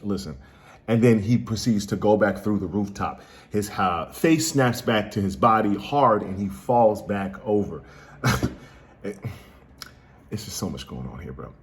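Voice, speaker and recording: Slangy, excitable man recapping spoilers. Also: fairly low pitch, unhurried. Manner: slangy, excitable, jokey asides. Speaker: anime channel host. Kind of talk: casual manga spoiler recap.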